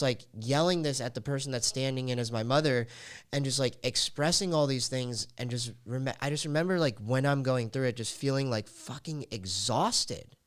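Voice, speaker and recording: Smooth-voiced man telling a personal story. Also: mid-range voice, normal speed. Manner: candid, emotional, heavy on "like" fillers. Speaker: podcast host.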